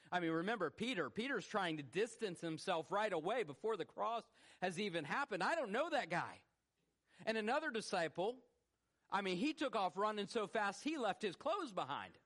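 A man preaching a sermon as a pastor, swinging between loud rhetorical questions and hushed, low emphasis. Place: church sanctuary.

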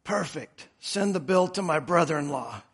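A man voicing a frail old male hospital patient in a weak, raspy voice. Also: fairly high pitch, lively intonation, moderate pace, slight background noise. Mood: deadpan.

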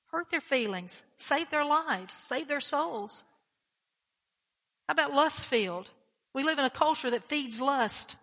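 A woman's voice: high-pitched, moderate pace, a bit bright, in a large hall. A woman pastor preaching a blunt, emphatic sermon, often repeating her key phrases.

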